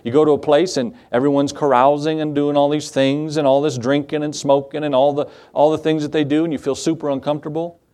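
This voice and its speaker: A man's voice: on the high side, little pitch movement, fast, few pauses, warm tone. A middle-aged man, a pastor, preaching a sermon in a conversational way and often asking his listeners questions.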